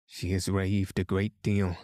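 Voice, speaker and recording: A stern older aunt, shaken and anxious, in a bedtime storybook, as a man reads her aloud. The voice stays low and mellow, with a dry, close sound. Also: flat delivery, slow pace, no echo. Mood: worried.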